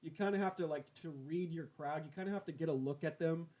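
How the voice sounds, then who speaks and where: A young man, a comedian hosting his own podcast, talking in a relaxed, easygoing way with casual swearing. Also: fairly high pitch, fast talker. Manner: laid-back, lots of "like" fillers, swears casually.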